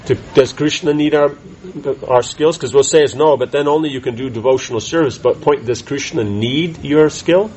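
Halting male scripture class teacher. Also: medium pitch, a little mellow, a little hiss or hum, low-quality recording. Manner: halting restarts, keeps asking "right?".

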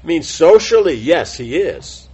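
A man with a slightly husky voice gives an informal devotional class, wandering through his points with lots of fillers and restarts. The recording is a bit dull and lo-fi. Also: fairly high pitch, very animated, a little slow, darkish tone. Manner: rambling, many fillers and self-corrections. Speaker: spiritual teacher giving a class.

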